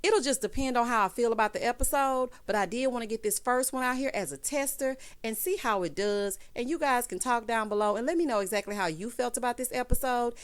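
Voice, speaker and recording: A woman giving a sassy, animated recap of a reality TV episode, full of slang and asides to her viewers. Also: on the high side, fairly quick, hardly any pauses, smooth. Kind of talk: casual recap commentary.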